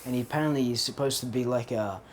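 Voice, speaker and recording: A man's voice: mid-range voice, fast talker, slight background noise. A young man co-hosting a podcast, telling stories in casual chat, laughing often and swearing freely. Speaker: podcast co-host.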